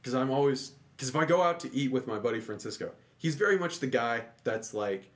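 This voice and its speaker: A young man chatting casually and telling animated stories, mimicking other people and laughing often. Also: mid-range voice, brisk, hardly any pauses. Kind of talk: casual chat.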